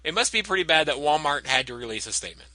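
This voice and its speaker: A man hosts a comedy podcast, telling stories through bursts of laughter. His voice is bright and a touch high. The recording is dry and close. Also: expressive, quick pace, no echo, poor audio. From American South. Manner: laughing, playful storytelling. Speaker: podcast host. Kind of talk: casual comedic chat.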